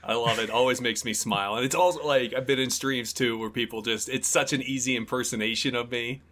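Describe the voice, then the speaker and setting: A man joins a podcast as a guest and chats casually. He tells his stories with enthusiasm and animation. His voice sits at a middle pitch for a man. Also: fairly even intonation, fairly quick, a bit bright.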